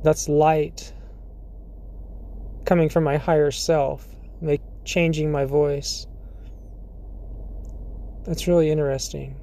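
Talking on their own in a relaxed podcast monologue, the host has a warm, level voice at medium pitch, frequently breaking into laughter and filling pauses with fillers and clearing the throat.

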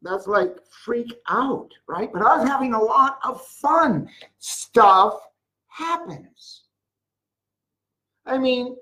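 An older speaker giving a motivational sales talk about a jewelry business, telling rambling stories with sudden loud bursts. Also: mid-range voice, slow, poor audio. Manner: mocks whiners in a put-on voice.

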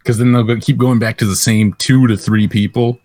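A man's voice: mid-range voice, steady tone, brisk, a little mellow, no echo. A man co-hosting a podcast, chatting casually and teasing his co-hosts with mock-announcer quips. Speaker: podcast co-host.

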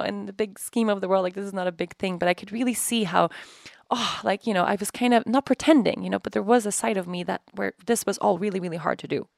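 A woman's voice: medium pitch, creaky, no echo, clean studio sound. A woman in her thirties hosting a podcast, telling a personal story candidly and animatedly with lots of filler words. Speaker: podcast host.

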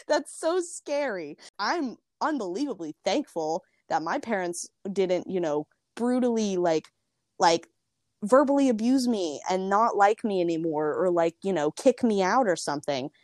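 A woman's voice: mid-range voice, dry recording, clean studio sound. A young woman, telling a personal story in casual chat, with lots of fillers and quotes she acts out. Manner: chatty, frequent "like" fillers.

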